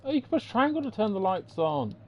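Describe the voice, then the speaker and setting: A man's voice: high-pitched, very animated, brisk, lo-fi sound. An English man streaming a game, ranting casually and swearing freely. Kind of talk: casual livestream commentary.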